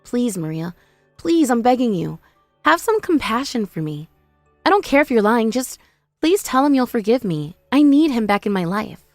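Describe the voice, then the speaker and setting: A woman plays a desperate young sister-in-law in a voiced text-message drama. She begs and makes excuses in a slightly high, pleading voice. The sound is dry, with faint music underneath. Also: very animated, moderate pace, a little mellow, no room sound. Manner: pleading, whiny, self-pitying. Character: desperate, remorseful sister-in-law begging forgiveness.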